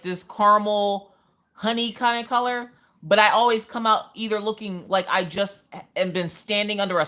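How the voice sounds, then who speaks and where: A woman's voice: mid-range voice, fairly bright tone. A woman chatting casually to viewers during a home livestream, telling stories and acting out quotes. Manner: chatty storytelling, acts out quotes, talks to chat. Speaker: livestream crafting host.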